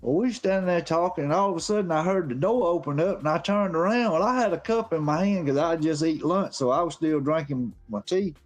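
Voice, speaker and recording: A man's voice: on the high side, brisk, few pauses, soft background music. A man telling a rambling, profane story as a guest on a live stream. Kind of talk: casual storytelling.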